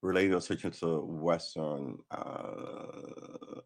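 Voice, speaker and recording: A gruff man with a lowish voice rambles through a live-stream chat. He thinks out loud, drifts from topic to topic and swears freely. His tone is blunt and offhand, like he's talking to himself as much as to viewers. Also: moderate pace. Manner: rambling, profane, thinks aloud and talks to himself. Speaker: livestreamer practicing guitar.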